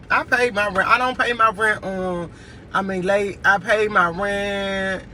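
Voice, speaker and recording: A man's voice: sits high, steady tone, measured pace, sharp tone, a little hiss or hum, poor audio. A man venting in a casual vlog, exasperated and repeating himself as he rants from inside a car. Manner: exasperated, repetitive ranting. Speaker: vlogger.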